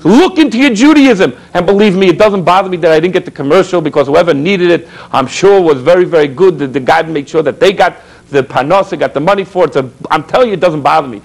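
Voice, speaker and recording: A man with a high-sitting voice talks fast in this low-quality clip. He's a rabbi hosting public access TV, delivering animated, anecdote-filled preaching with exhortations and rhetorical questions for his viewers.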